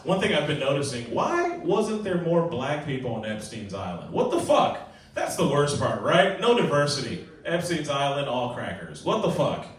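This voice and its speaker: A man's voice: fairly high pitch, moderate pace, hardly any pauses. A man in his forties doing a profane, brash stand-up set at an open mic. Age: 40s. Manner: brash, profane, lively, laughs at his own jokes. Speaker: stand-up comedian. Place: small comedy venue. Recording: echoey room, mic heard from far off.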